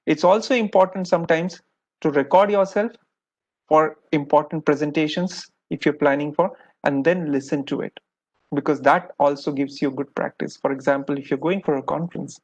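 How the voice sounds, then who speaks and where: Indian doctor lecturing, slightly high voice. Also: male voice. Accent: Indian English. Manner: patient, explanatory, repeats "many a times". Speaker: ENT doctor lecturing postgraduates. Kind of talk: recorded lecture. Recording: dull lo-fi audio.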